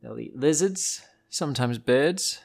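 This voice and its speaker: Man, kids' podcast host, silly, animated, rambling, playful storytelling. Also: medium pitch, a little slow, gravelly. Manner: silly, animated, goes off on tangents.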